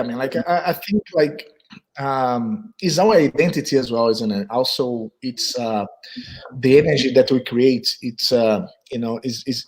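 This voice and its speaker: Guy hosting a live chat, keeps restarting, hunting for words, mid-pitched voice. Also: rough recording. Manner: hesitant, searching for words, many restarts. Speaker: host.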